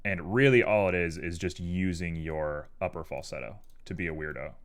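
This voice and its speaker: A man's voice: sits low, moderate pace. A man live-streaming his 3D art work, chatting casually and playfully with viewers while he works. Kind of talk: casual chat while working.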